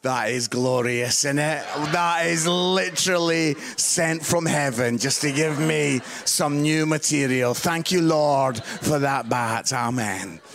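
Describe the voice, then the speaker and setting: A man preaching a sermon, telling a funny story in an animated, playful way and laughing at his own jokes. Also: fairly high pitch, slow, hardly any pauses.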